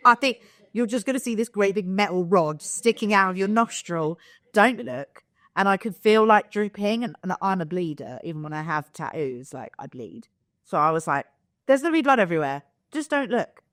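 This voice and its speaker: A young woman co-hosts a podcast in a fairly low voice at a moderate pace, with clean, dry studio sound. She tells a story in casual, animated chat, acting out quotes and swearing freely.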